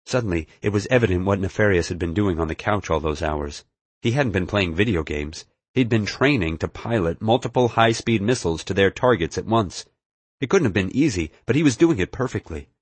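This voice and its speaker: A man's voice: sits low, animated, brisk, husky, no room sound. A man narrating an audiobook in the first person, telling the story expressively.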